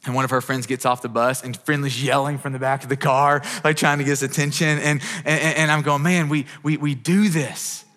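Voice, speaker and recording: A man's voice: mid-range voice, flat delivery, fairly quick, hardly any pauses, sharp tone. A man in his thirties preaching a sermon in an earnest, conversational way, often restarting his sentences. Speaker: pastor. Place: church auditorium. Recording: long hall reverb.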